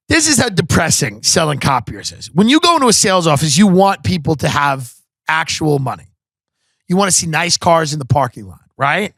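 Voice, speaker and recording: Animated, profane comedic storyteller, a man. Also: on the high side, normal speed, no echo, studio quality. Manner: animated, profane, full of impressions. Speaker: podcast host.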